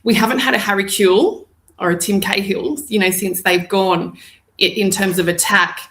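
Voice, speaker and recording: A woman, a podcast guest, talking football with enthusiasm in long, excited stretches. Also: medium pitch, moderate pace, reverberant. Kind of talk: casual football chat.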